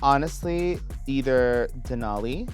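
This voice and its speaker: A man's voice: mid-range voice, faint music behind. Sassy, slangy male chat guest. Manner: sassy, slangy, quick asides. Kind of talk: casual chat.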